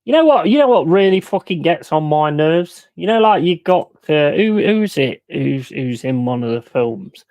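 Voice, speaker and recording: A man hosting a football watch-along stream, talking casually and swearing freely, swinging from loud outbursts to low mumbled asides. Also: lively intonation, normal speed, few pauses, no echo. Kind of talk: casual live-stream chat.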